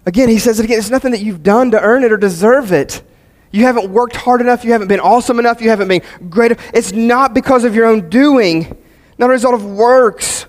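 A male pastor preaching a sermon, earnest, repeating key phrases and swinging from emphatic peaks to quiet, low passages. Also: fairly quick.

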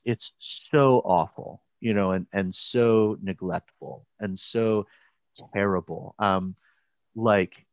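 Low-voiced man retelling a story haltingly. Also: no room sound. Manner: halting, many restarts and fillers. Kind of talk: casual storytelling.

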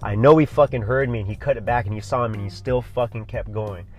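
Male podcast host, mid-pitched, swearing surfer-bro ramble, faint music behind. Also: quick pace, darkish tone. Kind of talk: casual solo podcast monologue.

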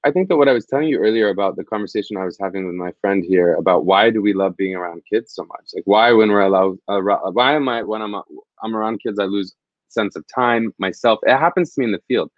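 A man's voice: on the low side, quick pace, no echo, muffled recording. A man, a field reporter, telling stories in an interview in an earnest, reflective, rambling way. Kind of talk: conversational interview storytelling.

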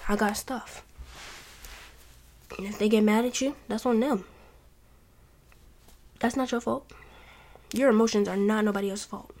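A woman's voice: mid-range voice, steady tone, normal speed, long pauses, a little mellow. A woman hosting a casual advice talk from home, earnest and heartfelt, rambling with restarts. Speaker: podcast host. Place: home with family noise nearby.

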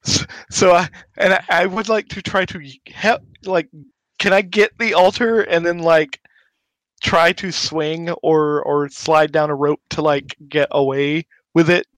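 A man's voice: a little high, steady tone, unhurried, fairly bright tone, dry recording. A man playing in a tabletop game, talking casually and hesitantly with stumbling restarts. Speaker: player.

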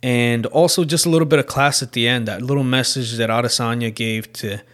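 Male podcast host, casual fight recap, excitable and profane, mid-pitched voice. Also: brisk. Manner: excitable, swears often, trails off and restarts.

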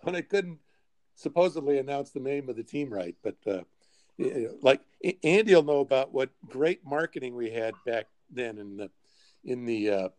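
An older man in his sixties, a podcast guest telling lively anecdotes with frequent chuckles. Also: mid-range voice, normal speed, no echo. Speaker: podcast guest, sports executive. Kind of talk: storytelling interview.

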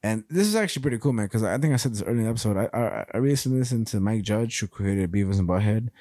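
A man co-hosting a podcast, chatting casually and telling stories in a loose, profane, animated way. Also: fairly low pitch, very fast, no echo, studio quality. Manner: animated, profane storytelling with frequent laughs. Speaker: podcast co-host. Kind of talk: casual chat.

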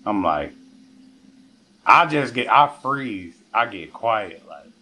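A young man casually telling a story on a podcast, animated and profane, acting out what people said. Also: on the low side, slow pace. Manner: animated, acts out quotes, profane. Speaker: podcast guest.

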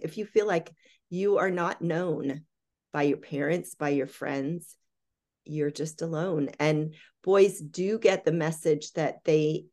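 An older woman speaks as a podcast guest, earnest and reflective. Her voice sits low for a woman. She works through her ideas in lists of questions. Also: a little mellow. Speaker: guest, boy advocate and parenting educator. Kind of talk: conversational podcast interview.

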